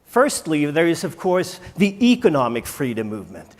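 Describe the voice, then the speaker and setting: A man, a native Swedish speaker, giving a conference keynote and firing rhetorical questions at the audience with dramatic pauses. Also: fairly high pitch, big pitch swings. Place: large conference hall. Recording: echoey conference hall.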